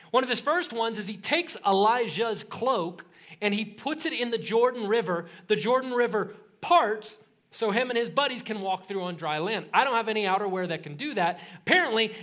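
A male pastor preaching a sermon, telling a scripture story in a casual, joking way and acting out the voices in it. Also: sits high. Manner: animated storytelling, acts out voices in quotes.

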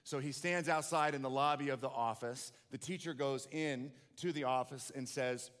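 Pastor preaching, voice ringing in a hall. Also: male voice, mid-range voice, moderate pace, a bit bright. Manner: storytelling, rising to passionate questions. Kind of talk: sermon.

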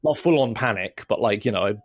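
A young man telling a rambling, animated story on a casual podcast. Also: on the low side, fast. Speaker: podcast host.

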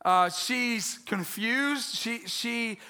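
Male pastor, high and bright-toned, conversational sermon, stumbles and repeats words. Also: very slow, clear, resonant tone. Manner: conversational and joking, with frequent restarts and repeated words.

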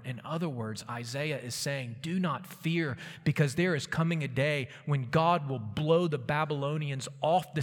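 A man preaching an earnest expository sermon, quoting scripture with emphasis. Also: medium pitch. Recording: long reverb of a large hall.

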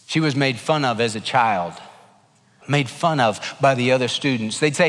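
A male pastor preaching a sermon, animated and emphatic, dropping to a hush for quieter passages. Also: mid-range voice, normal speed. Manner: animated preaching, swinging between emphatic and hushed. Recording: long hall reverb.

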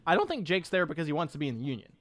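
A man in casual chat who gets excited easily and laughs often. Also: fairly high pitch, rapid-fire, a crowd in the background. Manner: excitable, laughs often, voice jumps up when enthusiastic.

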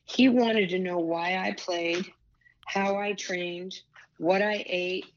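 A woman in her sixties, a former pro basketball player turned broadcaster, speaks as a guest in a candid storytelling conversation. Her voice is fairly low and slow, and the lo-fi recording carries a little hiss or hum. She tells stories with animation, full of asides and restarts.

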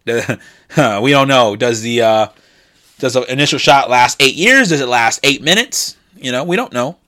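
A man hosting a solo commentary show, ranting and repeating himself as he reads and reacts to news items. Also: medium pitch. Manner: ranting, repetitive, rising to loud indignant peaks.

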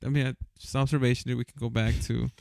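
A young man chatting casually, his voice gravelly with fry. He keeps needling his friend with pushy questions. The sound is dry and close. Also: mid-range voice, flat delivery, fast talker, darkish tone, no room sound. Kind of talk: casual chat.

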